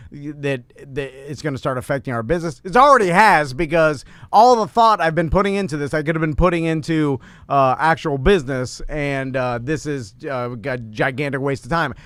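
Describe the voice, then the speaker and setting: A man with a slightly high voice, chatting casually as a podcast co-host. He tells stories loosely, full of fillers and laughter. The sound is close and dry. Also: normal speed, a bit bright, clean tone, dry recording. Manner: laughs often, storytelling with many fillers. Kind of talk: casual chat.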